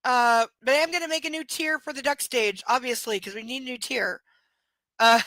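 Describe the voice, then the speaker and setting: A woman's voice: sits high, brisk, bright, forceful tone, no echo. A tired woman reading a book aloud on a live stream and chatting bluntly, swearing freely and sardonic. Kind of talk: live reading and casual chat.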